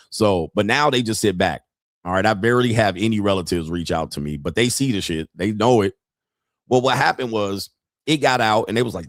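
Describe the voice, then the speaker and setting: A man hosting a podcast, telling a story in a profane, animated way with frequent laughter. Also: lowish voice, normal speed, dry recording, clean studio sound. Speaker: podcast host. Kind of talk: casual monologue.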